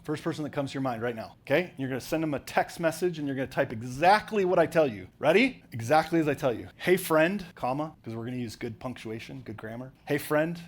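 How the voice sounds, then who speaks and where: A man's voice: medium pitch, brisk. A man giving a motivational business talk on stage to a live audience, directive and full of stories. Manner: animated, directive, storytelling. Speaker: business coach speaking on stage. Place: conference hall with audience.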